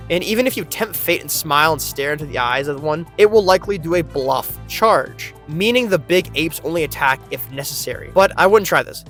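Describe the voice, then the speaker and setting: A man's voice: fairly high pitch, a bit bright. A man hosting a casual, jokey video essay and narrating with informal asides.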